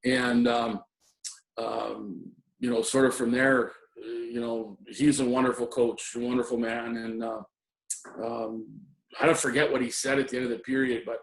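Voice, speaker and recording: A man's voice: mid-range voice, moderate pace, creaky. A middle-aged man, a former assistant hockey coach, reminiscing in an interview with many ums and restarts. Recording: roomy echo.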